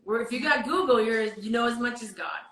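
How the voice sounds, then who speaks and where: A woman's voice: fairly high pitch, brisk, fairly bright tone, reverberant, rough recording. A woman guest telling a heartfelt, rambling story about her faith in casual chat. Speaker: guest singer. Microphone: video call.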